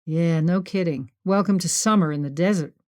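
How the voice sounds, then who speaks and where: A woman voicing a sensible young friend who speaks in a dry, unhurried way. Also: fairly low pitch, darkish tone, no echo, lightly acted.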